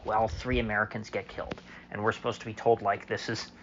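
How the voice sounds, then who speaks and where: A man's voice: on the low side, level tone, brisk, a bit bright, muffled recording, a little hiss or hum. A man delivering a solo opinion monologue as a political commentator, sarcastic and mocking, with many fillers.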